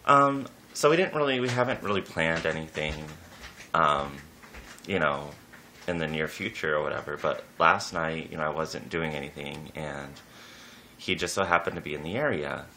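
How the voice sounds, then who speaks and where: A man casually telling a personal story, rambling with lots of "like" and "you know", lively when quoting people. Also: normal speed, a little hiss or hum. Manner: animated, jumps up in pitch when quoting people.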